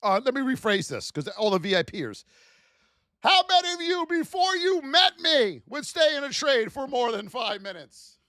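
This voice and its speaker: A man's voice: extremely high pitch, big pitch swings, moderate pace, sharp tone, no echo, clean studio sound. A man teaching a live trading class, speaking animatedly to his chat and acting out traders' frustrated self-talk. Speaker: trading instructor.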